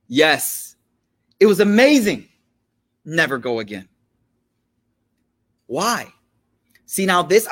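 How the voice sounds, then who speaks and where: High-voiced man teaching in casual slang. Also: a bit bright. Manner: conversational, slangy, checks in with listeners. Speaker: religious teacher. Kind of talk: casual storytelling lecture.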